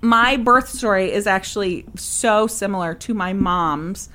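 A woman's voice: medium pitch, measured pace. Chatty young woman telling a story. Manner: animated storyteller, acts out quoted voices. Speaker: podcast co-host. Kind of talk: casual chat.

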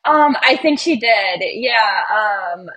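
A woman's voice: mid-range voice, expressive, slow pace, a bit bright, breathy edge. A young woman, a marathon runner, speaking as a podcast guest in an earnest, emotional, bubbly way. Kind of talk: podcast interview.

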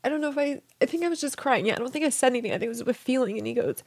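Soft-spoken woman recounting a tender dream. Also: high-pitched, no echo. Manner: soft, halting, with many restarts and whispered moments. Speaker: guest. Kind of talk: emotional personal storytelling.

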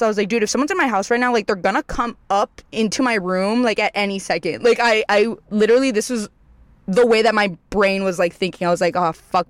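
A young adult storyteller chatting straight to camera, loose and rambling, with plenty of swearing and "like" in every sentence. The voice sits at a middle pitch and keeps jumping up when replaying moments of panic. The recording is close and dry, with no room sound. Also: no echo. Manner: rambling, heavy swearing, filler "like"; animated, jumps up in pitch for quoted panic. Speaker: vlogger telling a storytime.

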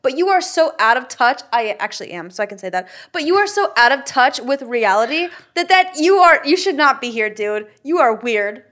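A woman's voice: on the high side, very animated, brisk, hardly any pauses, a bit bright. A young woman co-hosting a podcast in casual chat, blunt and heated, swearing freely as she reacts. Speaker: podcast co-host.

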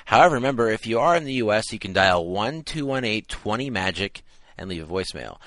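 A man's voice: on the low side, lively intonation, quick pace, a bit bright, no echo, rough recording. A young man hosting a podcast who reads out announcements in an upbeat, casual way. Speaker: podcast host.

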